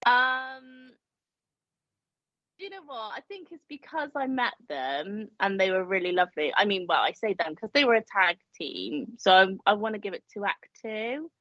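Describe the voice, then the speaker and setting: A woman chatting as a guest on a podcast. She swears a lot, and her voice jumps high when she rants. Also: animated, moderate pace, hardly any pauses, sharp tone, no room sound. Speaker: special guest. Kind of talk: casual podcast chat. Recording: dry, muffled audio.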